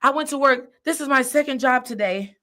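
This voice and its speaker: Woman doing a frazzled worker, stammering, higher voice, flustered. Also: fairly quick, pushed and bright. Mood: overwhelmed.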